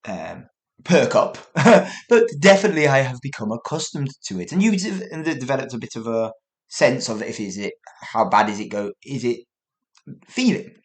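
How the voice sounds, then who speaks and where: A middle-aged man, hosting a podcast for learners and telling a story in a casual way. He is animated, mimics sounds with little noises and corrects himself mid-sentence. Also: medium pitch, normal speed. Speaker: English teacher podcast host.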